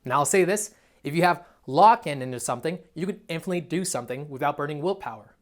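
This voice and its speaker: A man's voice: fairly high pitch, lively intonation, fast. A young man, a dating coach, giving a blunt, profane, emphatic motivational monologue. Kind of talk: motivational self-help monologue.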